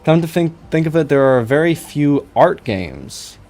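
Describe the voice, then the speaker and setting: A young man rambles casually while drawing on a live stream, his fairly high, slightly mellow voice swinging widely in pitch at an unhurried pace. He mocks himself and stammers with repeated I's.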